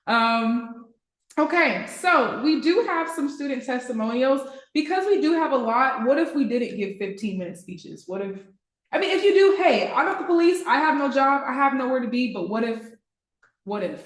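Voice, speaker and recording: A woman's voice: fairly high pitch, fairly bright tone, roomy sound. A woman trading mentor speaking casually to her graduating students, chatty and playful, often laughing. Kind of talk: casual livestream address to students.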